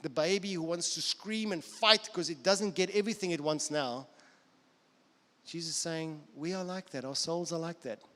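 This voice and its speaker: South African pastor preaching in reverberant hall. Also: male voice, on the high side, normal speed, fairly bright tone. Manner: earnest, repeats phrases for emphasis. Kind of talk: sermon. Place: church auditorium. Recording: long church hall reverb.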